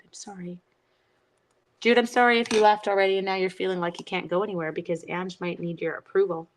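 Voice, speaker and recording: A woman's voice: on the low side, low-quality recording. Chatty woman hosting a crafting stream. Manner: chatty, self-teasing, answers viewer comments. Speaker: crafting livestream host. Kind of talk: casual live chat while crafting.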